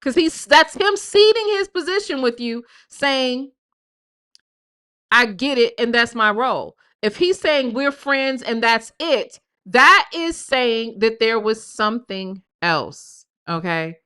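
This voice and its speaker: A woman hosting a casual gossip live stream, reading messages aloud and mocking them. Her voice sits a little high and rings bright and forceful. She talks with a sassy, teasing edge. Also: animated, slow pace, smooth. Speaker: commentary streamer.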